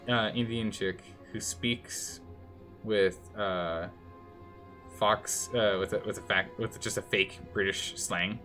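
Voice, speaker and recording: A man's voice: on the low side, a bit bright. A man streaming a strategy game and commenting live, thinking aloud and scolding the game's nations in mock outrage.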